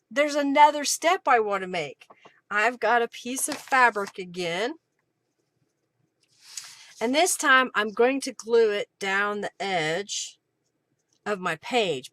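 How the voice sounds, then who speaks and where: Woman host, unhurried craft-demo chatter, greets chat by name. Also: on the high side, fairly bright tone, no room sound. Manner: chatty, greets viewers by name, narrates each step.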